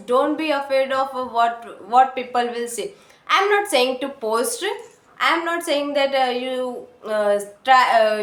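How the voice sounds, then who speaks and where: A woman with an Indian accent talking earnestly to her camera, encouraging learners and pausing often on "uh" fillers. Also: sits high, fairly bright tone. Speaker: English-learning vlogger. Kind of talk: casual talk to camera. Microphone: phone or camera mic. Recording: echoey room.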